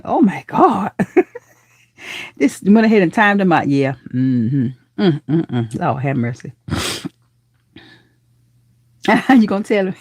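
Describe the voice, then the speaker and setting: A woman hosting a casual live-stream chat, affectionate and lively, calling her viewers honey, baby and girl as her voice jumps up in excited greetings. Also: mid-range voice, no room sound, clean studio sound.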